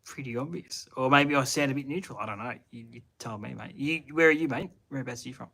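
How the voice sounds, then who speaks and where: Bright-voiced broad Australian man chatting. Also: medium pitch, quick pace, creaky. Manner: rambling, thinks aloud with restarts and Aussie slang. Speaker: channel host answering live chat. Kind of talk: casual livestream chat. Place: home shed at night.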